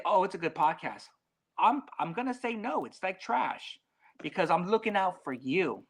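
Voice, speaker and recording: A man as a podcast guest in casual chat, talking bluntly with lots of swearing and animated swings in delivery. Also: on the high side.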